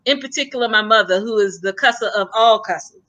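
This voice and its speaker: A woman co-hosting a podcast in casual, animated conversation. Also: on the high side, fast, lo-fi sound. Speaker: podcast co-host. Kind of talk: casual chat.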